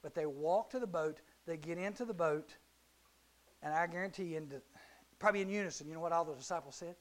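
A middle-aged man giving a youth sermon, telling a Bible story in an animated way and acting out the characters. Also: a little high, fast. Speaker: youth speaker.

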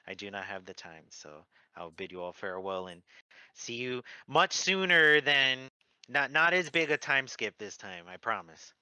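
Man, very bright tense voice, smooth and crisp, enthusiastic podcast co-host, dry close sound. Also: mid-range voice, big pitch swings, normal speed, no room sound. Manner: enthusiastic, fan-speak. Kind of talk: casual podcast chat.

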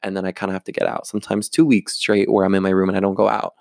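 Young man, low gravelly voice, dry close sound, confessional vlogger, rambling and open. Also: completely flat delivery, racing, no room sound. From Florida. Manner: candid, rambling, with many fillers and restarts. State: close to tears at moments. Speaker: actor and vlogger. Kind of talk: confessional vlog monologue.

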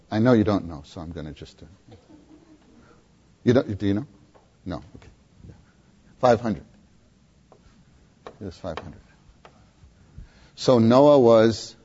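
A man delivers a sermon at an unhurried pace, putting questions to his listeners and hammering points through repetition. His voice is low-pitched and husky, and the recording sounds dull and lo-fi. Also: dark tone. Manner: questions the audience, emphatic repetition. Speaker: preacher.

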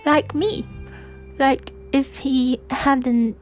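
Slow, soft-spoken young woman reflecting. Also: sits high, fairly even intonation, faint music behind, poor audio. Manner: soft-spoken, hesitant, with frequent restarts and fillers. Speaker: podcast host. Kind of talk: reflective personal monologue.

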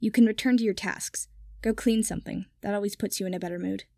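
A woman's voice: medium pitch, fairly even intonation, fast talker, gravelly, a little mellow, dry recording, clean studio sound, lightly acted. A woman voicing a sour, curt young nobleman who speaks in clipped lines.

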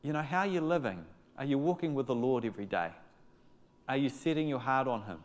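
A man preaching a sermon, his delivery ranging from loud, excited exclamations to quiet, earnest appeals. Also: medium pitch, a little fast. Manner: animated, rising to loud exclamations and dropping to soft appeals. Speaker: pastor.

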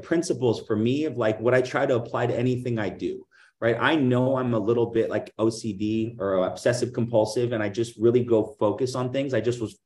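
A man's voice: mid-range voice, reverberant. A middle-aged man, a guest on an interview, talking casually and animatedly about selling, full of fillers and acting out other people's lines. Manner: animated, acts out dialogue in other voices; many fillers like "like" and "right?". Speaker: guest, insurance agency owner.

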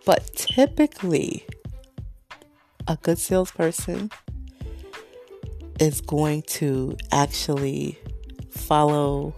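Low-voiced woman ranting to her audience. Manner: animated, sarcastic, swears freely. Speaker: podcast host. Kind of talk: casual storytelling rant. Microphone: desk microphone.

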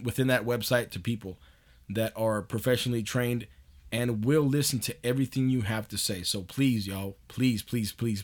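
A man hosting a podcast in a loose, profane monologue, laughing often as he talks. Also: medium pitch. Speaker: podcast host.

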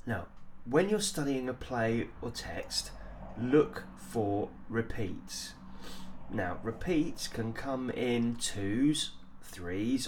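A man giving a drama lesson, talking haltingly with many ums and restarts. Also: medium pitch, slight background noise. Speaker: acting teacher.

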